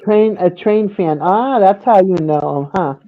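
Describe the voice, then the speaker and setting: A man's voice: sits high, a little slow. A man co-hosting a casual livestream, teasing the others, laughing often and greeting chat viewers. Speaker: livestream co-host. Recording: dull lo-fi sound.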